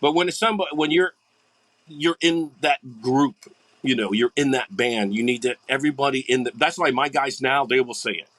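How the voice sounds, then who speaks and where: An older man, a guest musician, chatting on a podcast in a rambling, animated way. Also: medium pitch, brisk, no room sound. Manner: rambling, animated, acts out quoted people. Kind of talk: casual podcast chat.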